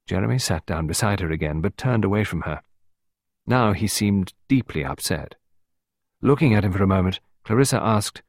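A man narrating an audiobook in a measured, expressive way, dropping low and quiet on dialogue tags. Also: slightly rough, dry recording, clean studio sound. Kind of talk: scripted narration.

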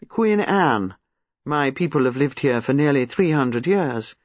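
A man reading aloud, voicing a reserved, sad middle-aged gentleman who speaks slowly and gravely. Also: medium pitch, lively intonation, no room sound. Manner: measured, grim, slow. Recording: slightly muffled, dry.

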